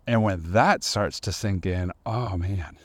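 A man's voice: low voice, takes it slowly, dry recording. A man in his thirties hosting a casual faith podcast, talking in a conversational, self-deprecating way with many fillers and restarts. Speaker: podcast host.

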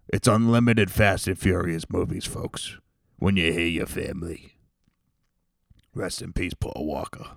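A man in his thirties hosts a solo podcast with a low, smooth voice. He rambles through crude jokes and rants, swearing freely and bursting into loud bits. The sound is dry and close. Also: no echo. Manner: rambling, profane, jokey with sudden loud bits. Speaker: podcast host. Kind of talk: solo comedic rant.

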